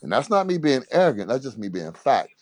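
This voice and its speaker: A man, a former basketball player, telling a casual anecdote in an animated way, laughing often and repeating "he said". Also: mid-range voice, brisk, no room sound.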